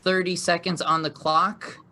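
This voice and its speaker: Male host, live improv show; upbeat, encouraging, bright tone. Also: high voice, flat delivery, unhurried. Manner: upbeat, encouraging, laughs often.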